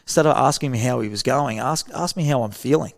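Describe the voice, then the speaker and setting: A man's voice: medium pitch, fast talker, gravelly. An Australian man, a guest on a podcast, talking earnestly and acting out short exchanges of dialogue. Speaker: podcast guest, veteran program founder. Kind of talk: casual interview talk.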